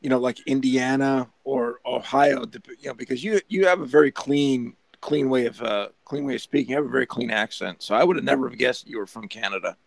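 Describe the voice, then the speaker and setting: A man in a casual group chat who talks haltingly, repeating words as he searches for them. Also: mid-range voice, creaky, no echo.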